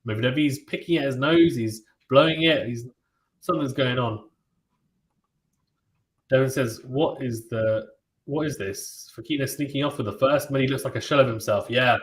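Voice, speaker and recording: A man hosting a live tennis watchalong stream. He calls the play-by-play in a relaxed, chatty way and reads out viewer comments and reacts to them. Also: mid-range voice, normal speed, slight background noise. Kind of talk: live play-by-play commentary mixed with casual chat. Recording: roomy echo.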